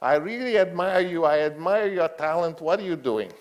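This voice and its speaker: A man's voice: fairly high pitch, lively intonation, normal speed, pitched above the performer's own voice, lightly acted. A man putting on a fussy little old male studio mogul who talks in clipped, broken phrases and repeats his words. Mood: insistent.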